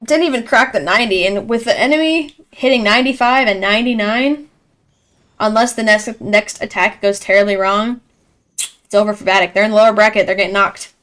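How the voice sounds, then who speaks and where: A young woman giving live esports commentary in a chatty, excitable way, reacting loudly to each play. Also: mid-range voice, a little fast. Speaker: esports caster.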